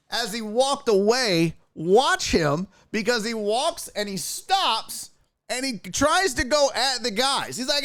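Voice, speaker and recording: A man hosting a casual streamed sports talk show, profane and excitable, chatting with his viewers. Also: extremely high pitch, slow, no echo. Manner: profane, excitable, talks to chat.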